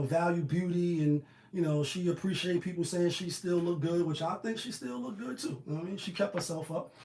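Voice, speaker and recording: A man giving casual commentary on the news in a slangy, animated, riffing manner. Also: sits high, echoey room.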